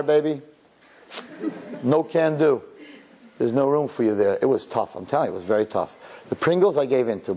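A middle-aged man, a rabbi, preaching a sermon in an animated, storytelling way, laughing and quoting himself. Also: mid-range voice, slightly rough.

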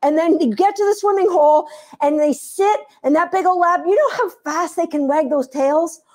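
A woman dog trainer giving an instructional talk, animated and playful as she tells stories. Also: very high voice, moderate pace.

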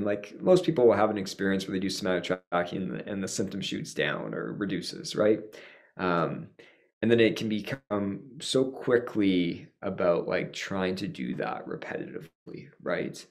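A man who practices pain therapy, answering a panel question in a halting way, full of "like" and "right?". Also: deep voice, vocal fry. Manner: halting, lots of "like" and "right?" fillers.

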